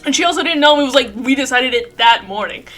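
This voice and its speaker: Woman streamer, rambling casual chat, bright tone, laughs and swears often. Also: high voice, animated, fast talker, faint music behind. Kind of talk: casual chat while playing a game.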